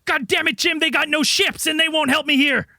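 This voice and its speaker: A man voicing a frantic male American military base commander who yells and swears in comedy bits. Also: very high-pitched, fairly even intonation, fairly quick, dry recording, studio quality, heavily acted. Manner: yelling, swearing, blustering. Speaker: podcast host.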